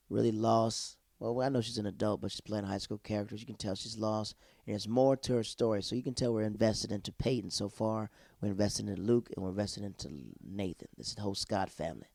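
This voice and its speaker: A male podcast host giving a casual, slangy recap of a TV episode, acting out the characters' lines in quick put-on voices. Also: mid-range voice, warm tone, no echo, studio quality. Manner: laid-back slangy talk.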